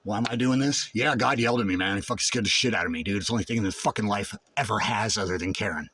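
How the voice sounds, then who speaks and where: A man giving a raw personal monologue to camera, intense and full of swearing, dropping low and brooding, then rising to shouts. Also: very fast, slightly rough, no echo. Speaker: vlogger.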